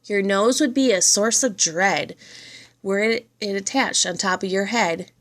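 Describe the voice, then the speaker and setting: A woman reading children's poems aloud, in a lively and expressive read-aloud manner. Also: mid-range voice, a little slow. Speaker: reader.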